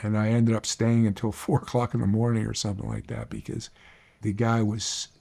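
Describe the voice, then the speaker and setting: A man telling a personal story about finding a mentor, animated and emphatic, rising in intensity when making his points. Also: brisk, creaky. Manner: animated storyteller, rises high when preaching. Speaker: speaker on mentorship. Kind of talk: storytelling talk.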